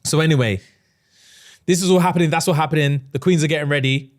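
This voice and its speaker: A man on a casual podcast, retelling a story with lively acted-out voices for each character. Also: on the high side. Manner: animated, acts out characters in quick changing voices. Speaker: podcast co-host.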